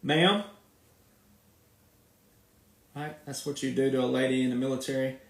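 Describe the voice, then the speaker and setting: A man's voice: medium pitch, monotone, very fast, gravelly, a little mellow. A man with a Southern accent giving an emphatic, repetitive monologue, drawing his words out as he makes his points. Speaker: commentator. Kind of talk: casual monologue. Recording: echoey room, speaking from off the mic.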